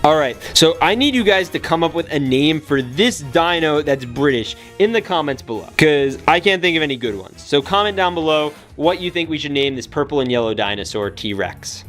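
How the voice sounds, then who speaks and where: Excitable young man unboxing toys. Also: a little high, moderate pace. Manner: excitable, jokey, talks to toys and viewers. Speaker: toy unboxing YouTuber. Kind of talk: excited casual unboxing commentary. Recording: soft music bed under voice. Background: soft background music.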